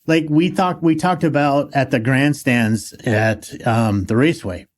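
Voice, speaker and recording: A man's voice: mid-range voice, measured pace. A man with a Minnesota accent hosting a podcast in a studio, chatty and reminiscing. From Iron Range, Minnesota. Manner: chatty, reminiscing, restarts often. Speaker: podcast host. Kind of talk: casual podcast interview.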